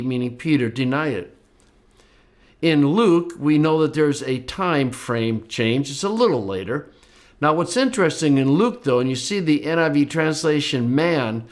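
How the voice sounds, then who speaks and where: Older male Bible teacher, lively lecturing voice that jumps up to voice the quotes. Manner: lively, voices the quoted speakers with rising pitch. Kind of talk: explanatory lecture.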